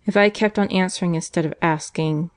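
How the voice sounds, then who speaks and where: A woman's voice: lowish voice, steady tone, fairly quick, close to an everyday voice. Woman voicing a sneering young male convict. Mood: defiant. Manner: sneering, growling. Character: male prisoner, young adult, sullen and defiant.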